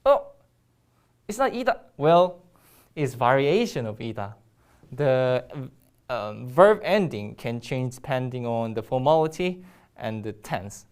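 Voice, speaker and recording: A woman's voice: very deep voice, sing-song, a little slow, darkish tone, clean tone. A woman with a Korean accent teaching a Korean grammar lesson in English, explaining step by step with frequent ums and restarts.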